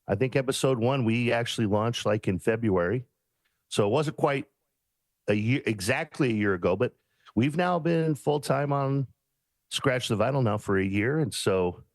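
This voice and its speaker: A laid-back man co-hosts a podcast. His voice has a middle pitch and sounds dry and close. He chats in an easy, unhurried way. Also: lively intonation, no room sound. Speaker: podcast co-host. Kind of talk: relaxed casual chat.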